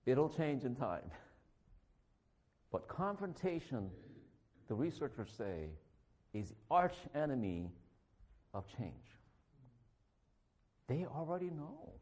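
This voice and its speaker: A man who is a physician, giving a conversational sermon in a church, animated and joking as he acts out confrontations. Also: mid-range voice, slow, long pauses. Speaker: guest preacher, physician.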